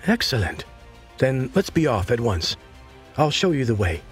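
A man voicing a calm, sly teenage boy trader with an easygoing, smooth-talking manner. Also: mid-range voice, a little slow, faint music behind. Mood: easy, sly.

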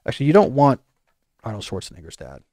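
A man hosting a podcast, giving animated advice with playful joking asides. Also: medium pitch, fast, dry recording. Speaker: podcast host.

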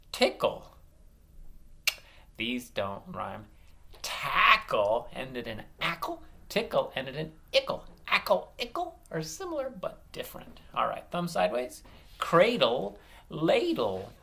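A man teaching an online phonics lesson to young children, upbeat and encouraging, stretching words out slowly. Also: medium pitch, vocal fry, sharp tone. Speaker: early elementary teacher.

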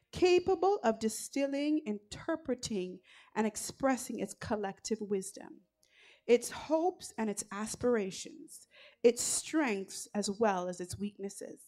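A woman leading worship at a church service, speaking deliberately with fervent calls to praise. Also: on the high side, darkish tone. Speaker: worship leader.

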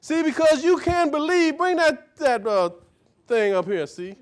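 A very high-voiced man preaches live to a small gathering at a measured pace. He walks a reader through verses and echoes each phrase, teaching in a folksy way with frequent "see?" and "right?" check-ins and rhythmic repetition of key words.

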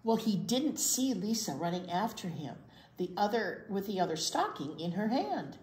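A woman librarian reading a picture book aloud at a children's storytime, pausing to ask the children questions. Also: lowish voice, big pitch swings, a little mellow, roomy sound.

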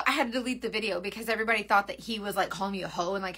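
A young woman chats loosely on a makeup livestream, hopping from story to viewer comments with easy giggles. Her voice sits a little high and rings bright and forward. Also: very fast, few pauses. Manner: rambling, giggly, reads viewer comments aloud. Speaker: makeup seller and livestream host. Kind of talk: chatty livestream talk.

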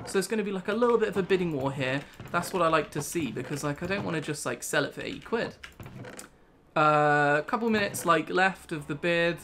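A man's voice: a little high, lively intonation, fairly quick, bright, forceful tone, slight background noise. A young British man hosting a casual gaming video, rambling through a story with laughs. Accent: British English. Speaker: gaming channel host. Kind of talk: casual let's play chat.

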